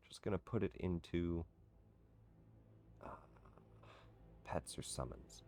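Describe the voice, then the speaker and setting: Game master, male, very low voice, easygoing rulings with plenty of fillers. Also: takes it slowly. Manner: relaxed, matter-of-fact rulings with fillers. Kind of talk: running a tabletop game online.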